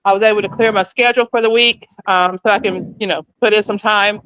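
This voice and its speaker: A woman's voice: mid-range voice, fairly even intonation, fast, a bit bright, poor audio. An out-of-breath woman giving a chatty, apologetic live update by phone from outdoor grounds. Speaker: volunteer calling in to a live panel. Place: outdoors at a school grounds in summer heat.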